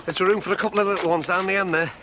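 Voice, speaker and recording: An actor playing a jovial, chummy middle-aged neighbour. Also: male voice, high voice, steady tone, racing, background noise, close to an everyday voice. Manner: matey, jovial.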